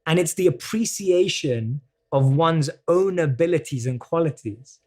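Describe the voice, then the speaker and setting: A man with a British accent explains self-help ideas in a relaxed interview. His voice sits a little high for a man. He lays his points out patiently and slips into quoted inner voices to make them land. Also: a little slow. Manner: earnest, explanatory, acts out quoted self-talk. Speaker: guest coach. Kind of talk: conversational self-help talk.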